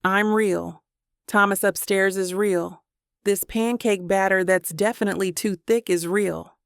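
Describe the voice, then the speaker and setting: A woman's voice: mid-range voice, steady tone, measured pace, gravelly, clear, resonant tone, dry recording, studio quality. A woman reading the lines of a playful, affectionate young father in a romance audiobook, teasing and easygoing.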